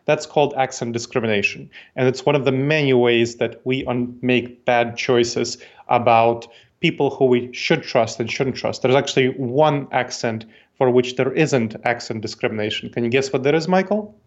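Here the forties-aged Moldovan guest expert talks at a moderate pace in a mid-range voice, the audio's highs cut off. His accent mixes Eastern European with a touch of New York, and he lays out ideas methodically, returning to key points.

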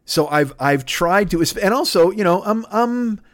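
A man's voice: high voice, expressive, a little slow. A man in his fifties hosting a podcast, talking in a blunt, rambling monologue full of swearing and restarts. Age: 50s. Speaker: podcast host. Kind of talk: profane casual monologue.

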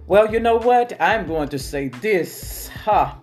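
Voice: medium pitch, lively intonation, slow pace, darkish tone, soft background music. A podcast host who reacts often and speaks to wrap up the segment. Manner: reactive, interjects "wow". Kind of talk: podcast hosting.

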